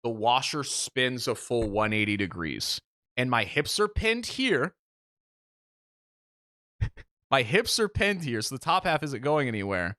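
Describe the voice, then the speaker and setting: A man co-hosting a podcast, telling a story in casual chat with an animated, self-mocking manner and free swearing. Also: medium pitch, unhurried, pauses often, no room sound, clean studio sound. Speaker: podcast co-host.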